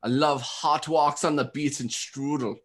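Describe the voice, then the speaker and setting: A man's voice: a little high, fairly even intonation, measured pace. A man voicing a flirty German game designer on a speed date, in a put-on German accent and a coy, teasing manner.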